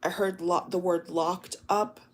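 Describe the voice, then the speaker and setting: Female tarot reader with a slightly low voice and an emotive, chatty delivery full of exclamations. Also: steady tone, unhurried. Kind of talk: collective tarot reading.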